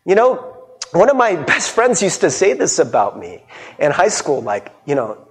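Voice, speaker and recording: A male pastor giving a sermon in a conversational, animated way, often mimicking people and laughing. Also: a little high, moderate pace.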